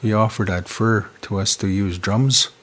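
A man from Canada telling traditional star stories in an unhurried, conversational way, often tagging his phrases with "eh?". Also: lowish voice, steady tone, a bit bright. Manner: unhurried, repetitive, ends phrases with "eh?". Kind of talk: casual storytelling conversation.

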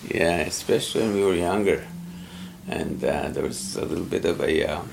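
Brief: middle-aged man, gravelly, unhurried, thoughtful interviewee. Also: sits low, noisy background. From Pimicikamak Cree Nation, Canada. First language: Cree. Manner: measured, thoughtful, pauses often to find words. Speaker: interviewee, former Cree teacher. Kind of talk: conversational interview.

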